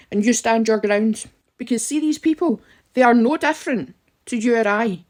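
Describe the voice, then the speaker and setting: A woman's voice: a little high, normal speed, darkish tone. A woman giving emphatic, direct advice to listeners in an impassioned talk. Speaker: campaigner.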